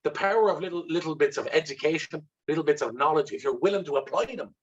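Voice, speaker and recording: A man's voice: fairly high pitch, fast talker, breathy edge, dull audio. An Irish man, a guest in an interview, tells a personal story with intensity, swearing freely and acting out remembered dialogue. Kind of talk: candid conversational storytelling.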